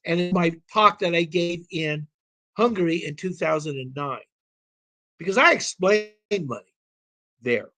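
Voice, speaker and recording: A man's voice: a little high, a little slow, long pauses, bright, forceful tone. A man talking as a call-in show guest, explaining at length in an emphatic, rambling way and swearing now and then. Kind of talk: casual explanatory talk.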